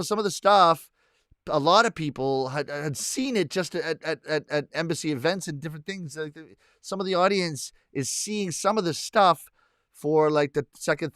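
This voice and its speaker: A middle-aged Canadian comedian chats casually with viewers on a live stream, reading their comments, rambling, correcting himself as he goes, and chuckling. His voice is on the high side with a fairly bright tone, recorded dry with clean studio sound.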